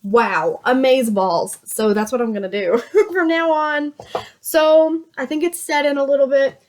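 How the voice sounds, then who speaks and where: A woman with a Virginia drawl chats casually through a get-ready-with-me makeup routine. Her voice sits a little high, and she talks in a chatty, self-mocking way with frequent laughs. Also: a little slow, a little hiss or hum. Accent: Southern US, Virginia drawl. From Virginia, USA. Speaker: beauty vlogger.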